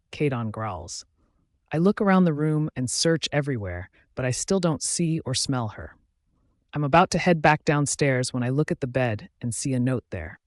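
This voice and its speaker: A man's voice: medium pitch, animated, moderate pace, no room sound. Man reading a werewolf story, dry sound. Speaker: audiobook narrator. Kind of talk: first-person story narration.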